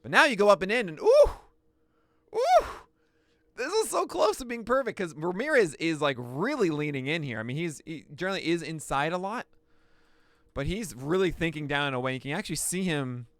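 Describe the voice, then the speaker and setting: A man hosting a pitching analysis, talking through each pitch with excitable outbursts. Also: fast talker, no echo, studio quality. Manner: excitable, bursts into shouts and laughs. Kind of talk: excited play-by-play pitch breakdown.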